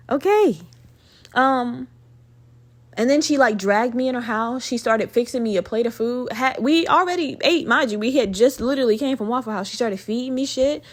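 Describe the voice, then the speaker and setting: This is a woman with a somewhat high voice, telling a personal story on a podcast. She talks in a chatty, unfiltered way, swearing often and tossing in plenty of fillers. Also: expressive, normal speed. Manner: candid, profane, chatty with frequent fillers. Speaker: podcast host.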